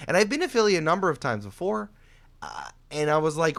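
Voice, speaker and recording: Male podcast guest from New York State, chatty and animated. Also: on the high side, a little fast, creaky. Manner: animated storyteller, voice jumps up for quoted outbursts. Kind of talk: casual podcast chat.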